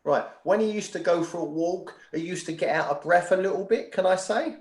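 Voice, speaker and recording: A man's voice: high-pitched, a little fast, reverberant. A man working as a spiritual medium, giving readings from home and often checking in with his sitter.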